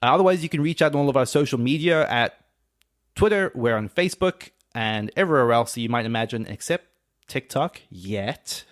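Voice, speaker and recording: A man hosting a podcast, speaking in a relaxed, reflective way as he wraps up the episode. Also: mid-range voice, fairly quick. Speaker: podcast host. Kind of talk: casual chat and show sign-off.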